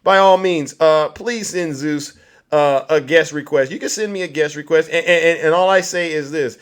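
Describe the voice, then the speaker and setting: A man's voice: a little high, moderate pace, clean tone. A male livestream talk show host giving a combative political monologue in a preachy tone, repeatedly asking "all right?".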